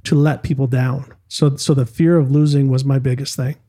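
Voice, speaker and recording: A man's voice: mid-range voice, flat delivery, normal speed, dark tone. A middle-aged man, a former motocross champion, telling stories casually in an interview, with frequent restarts and acted quotes. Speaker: podcast guest, former motocross and off-road truck champion.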